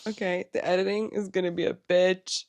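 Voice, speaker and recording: A woman's voice: lowish voice, flat delivery, a little fast, a little mellow. A young woman co-hosting a podcast in casual chat, teasing and joking, a little tipsy. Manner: teasing, joking, laughing often. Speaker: podcast co-host.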